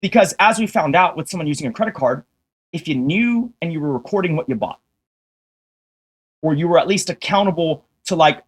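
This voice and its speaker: A man's voice: high-pitched, big pitch swings, fast talker, fairly bright tone. A man streaming to his audience, caught up in a heated rant. He curses constantly, sounds exasperated and combative, and keeps turning to viewers with rhetorical questions to press his point. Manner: heavy swearing, exasperated and combative. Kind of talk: ranting livestream monologue.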